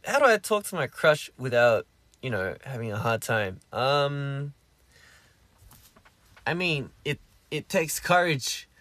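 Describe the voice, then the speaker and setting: A young man with an Australian accent chats loosely into a close, dry microphone, reading out viewer comments as a live-stream host. He rambles in an easygoing way, restarting sentences and leaning on fillers, and his voice sits at an ordinary middle pitch. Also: fairly bright tone, no room sound. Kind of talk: casual live-stream chat answering comments.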